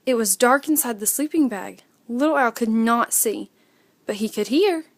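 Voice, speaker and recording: Expressive woman reading a children's story. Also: a little high, normal speed. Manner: expressive, with acted sound effects.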